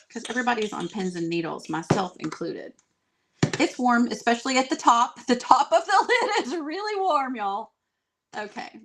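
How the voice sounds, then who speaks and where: A woman hosting a live craft stream, chatty and excitable, talking straight to her viewers. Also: medium pitch, normal speed, long pauses, noisy background. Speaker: DIY craft host.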